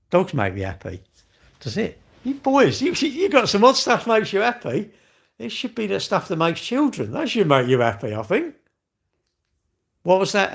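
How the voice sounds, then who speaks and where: A man's voice: a little high, vocal fry. A middle-aged man, hosting a live stream and chatting casually as he reads out viewer comments, in rambling, jokey, self-mocking banter. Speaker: livestream host.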